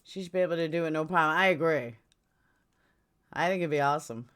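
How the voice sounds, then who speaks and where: A woman's voice: sits low, quick pace, a bit bright. A middle-aged woman with a New York accent hosting a casual livestream chat from home, blunt and chatty, jumping between topics. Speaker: livestream host. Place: home, indoors.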